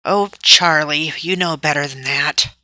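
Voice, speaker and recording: A woman's voice: low-pitched, a little slow, sharp tone, no room sound, exaggerated voice. A woman reading aloud, voicing a boy who is defensive and uneasy. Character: schoolboy friend, uneasy and defensive.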